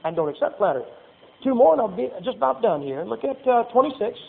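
A man's voice: very high-pitched, big pitch swings, fast talker, vocal fry, a little hiss or hum. A man preaching a folksy sermon, reading scripture and acting out little asides. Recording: tinny phone-like sound.

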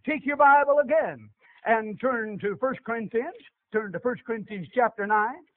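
A man preaching a sermon, calling out to the congregation with animated back-and-forth questions. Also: very high-pitched. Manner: animated call-and-response preaching. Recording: tinny lo-fi radio broadcast.

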